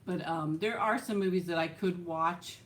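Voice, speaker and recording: A woman with a fairly low voice, speaking at normal speed, runs a casual livestream where she reads viewer comments and chats. Laughter comes often, and she trails off with "so".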